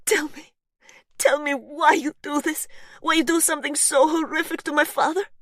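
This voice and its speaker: A woman's voice: sits high, steady tone, normal speed, fairly bright tone, no echo, clean studio sound, pitched above the performer's own voice. A woman voicing a fierce young woman with a strong Polish accent who speaks in broken English, furious and tearful.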